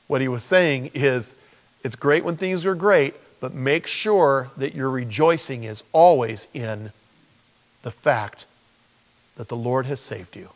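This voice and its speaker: A man preaching a sermon as pastor, animated and acting out quotes in lively voices. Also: medium pitch, slow, pauses often. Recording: long hall reverb.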